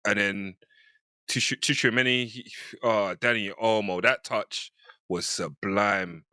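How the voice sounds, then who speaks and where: A man's voice: on the low side, steady tone, takes it slowly, pushed and bright, smooth, no room sound, studio quality. A man on a football podcast panel, enthusiastic and rambling as he talks through a match. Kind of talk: casual football chat.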